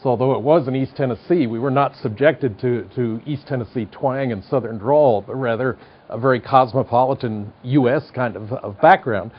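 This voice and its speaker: A man's voice: mid-range voice, moderate pace. Older male lecturer, 60s, General American accent, wry and digressive, muffled studio tape. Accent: General American, slight Midwestern twang. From United States. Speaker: psychology professor. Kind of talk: televised university lecture. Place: studio classroom.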